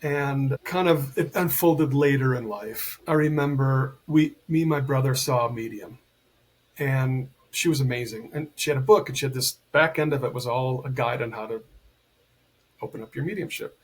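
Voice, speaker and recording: A man's voice: mid-range voice, moderate pace, husky. A middle-aged man, a podcast guest and healer, chatting casually and animatedly acting out the voices in his stories. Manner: animated storyteller, acts out quoted dialogue. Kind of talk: casual conversation.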